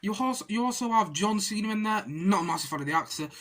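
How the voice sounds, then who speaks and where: A woman's voice: mid-range voice, lively intonation, fast, a little hiss or hum. Exasperated rambling woman film reviewer. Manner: rambling, exasperated ranting with frequent restarts. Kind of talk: casual spoken film review.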